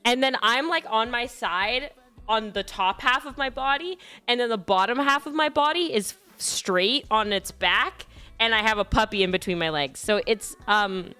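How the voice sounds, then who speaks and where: A young woman chats through a long casual story, wandering and poking fun at herself with loose fillers and offhand swearing. Her voice is bright and crisp, and it stays smooth and clear. It comes across as a relaxed, personal storytime. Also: fairly high pitch, moderate pace. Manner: rambling, self-deprecating, swears casually. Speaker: streamer.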